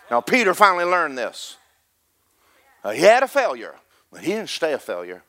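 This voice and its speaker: A middle-aged man preaching a sermon as pastor, rising to a loud rhythmic peak and slipping in joking asides to the congregation. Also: on the high side, huge pitch swings, moderate pace, long pauses.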